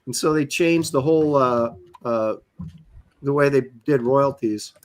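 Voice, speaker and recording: A man's voice: medium pitch, unhurried. A middle-aged man, a comic artist co-hosting a podcast, telling stories in a rambling, casual way with many fillers and restarts. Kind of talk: casual storytelling chat.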